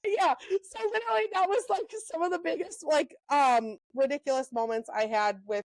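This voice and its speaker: A young woman co-hosting a podcast, telling animated stories in a casual chat, full of "um" and "like". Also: sits high, no echo, rough recording. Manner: animated storyteller, lots of "um" and "like", quick asides. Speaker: podcast co-host.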